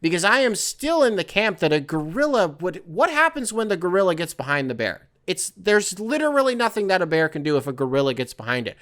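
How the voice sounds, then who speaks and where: A man's voice: high-pitched, very animated, brisk, few pauses, fairly bright tone. A young man hosting his own podcast from a home desk, chatting loosely with profane, rambling asides. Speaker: podcast host. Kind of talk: casual solo podcast monologue. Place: home workstation.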